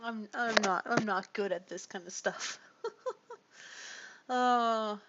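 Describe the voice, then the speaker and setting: A woman's voice: medium pitch, takes it slowly, dull audio, noisy background. A tired woman chatting casually with viewers on a livestream, rambling and apologetic, with sighs. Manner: rambling, apologetic, with frequent sighs and small laughs.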